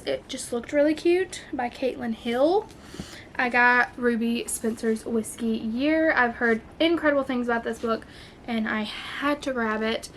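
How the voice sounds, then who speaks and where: Woman vlogger, gushing and excitable, voice on the high side, loose and chatty with fillers. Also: slight background noise. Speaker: book vlogger. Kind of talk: casual chat.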